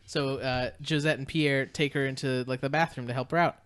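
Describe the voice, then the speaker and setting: Smooth-voiced man recapping a film. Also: mid-range voice, steady tone, a little fast, fairly bright tone. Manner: rambling, lots of "like" and "uh", acts out characters' lines. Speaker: podcast co-host. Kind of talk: casual film recap chat.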